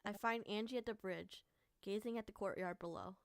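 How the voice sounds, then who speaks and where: A woman's voice: medium pitch, a little fast. A woman streamer reading a story game aloud, mixing narration with emotional reactions and the occasional curse. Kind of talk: reading a visual novel aloud with commentary.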